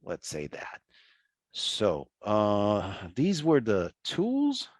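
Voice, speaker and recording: A man with a fairly low voice lectures over a video call, rising and falling widely as he talks. His delivery is conversational and animated, full of restarts and quick asides. The sound is dry and close, with no room around it. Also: dry recording. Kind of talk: online lecture.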